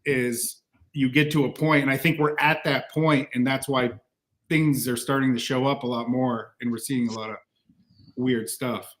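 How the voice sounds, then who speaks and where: A man's voice: medium pitch, fairly even intonation, moderate pace, fairly bright tone. Musing man on a talk panel. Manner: musing, restarts often, laughs mid-sentence. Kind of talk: casual panel chat.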